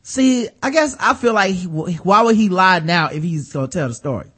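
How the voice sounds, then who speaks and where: High-voiced man in lively banter. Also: fairly quick, breathy edge. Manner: animated, acts out quotes with loud laughing bursts. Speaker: podcast co-host. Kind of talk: casual comedic chat.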